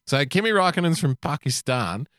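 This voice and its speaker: A man's voice: fairly high pitch, big pitch swings, fairly quick, a bit bright, a little hiss or hum. A man co-hosting a podcast, joking and teasing in casual chat. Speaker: podcast co-host.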